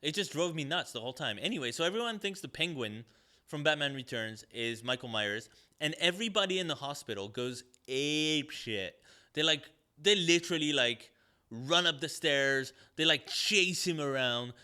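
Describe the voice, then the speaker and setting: A man with a bright, forceful voice rants through a podcast movie review. He's sarcastic and swears freely, and he rambles with plenty of "like" and "um" as he goes. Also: fairly high pitch, animated, normal speed. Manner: sarcastic, profane, rambling with many fillers. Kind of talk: ranting casual review.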